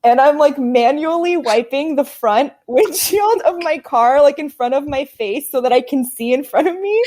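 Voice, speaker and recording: A woman in her twenties telling a story as a podcast guest, animated and laughing often, with lots of "like" fillers. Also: sits high, normal speed, hardly any pauses. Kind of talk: casual chat.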